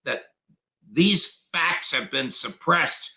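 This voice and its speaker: A man talking as a guest in a political interview, deliberate and emphatic, lecturing on history. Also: a little high, expressive, vocal fry, bright, forceful tone, poor audio. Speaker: guest commentator.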